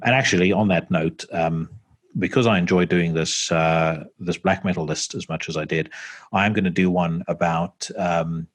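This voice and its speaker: A man hosting a podcast, chatting casually and rambling with lots of fillers and the odd swear word. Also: sits low. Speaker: podcast host. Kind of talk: casual chat. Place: home podcast setup.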